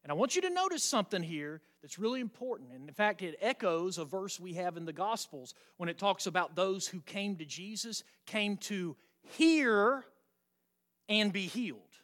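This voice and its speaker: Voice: medium pitch, expressive, normal speed, fairly bright tone. A preacher giving an emphatic sermon, often asking the listeners rhetorical questions in a folksy, teasing way.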